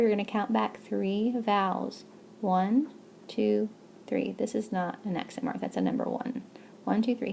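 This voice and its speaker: A woman's voice: mid-range voice, creaky, dark tone, a little hiss or hum. A woman teaching a recorded language lesson, explaining step by step with patience and checking in with "okay?". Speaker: Spanish teacher.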